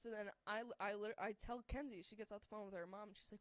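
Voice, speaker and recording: Speaking fast and hardly pausing, a young woman with a medium-pitched voice tells a rambling, casual story, no echo in the recording. She leans heavily on "like" and laughs as she talks.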